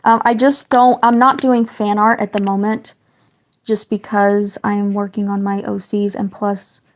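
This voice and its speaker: A slightly hoarse woman with a raspy voice, a parent chatting casually and rambling on a livestream while she colours, hedging her words as she goes. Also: mid-range voice, little pitch movement, measured pace. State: slightly hoarse, getting sick. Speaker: livestreaming artist.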